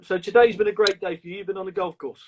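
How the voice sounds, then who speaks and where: A man's voice: sits high, fairly even intonation, fast, noisy background. A man hosting a casual live-stream chat, asking short, teasing questions over a phone. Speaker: host. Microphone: phone on a video stream.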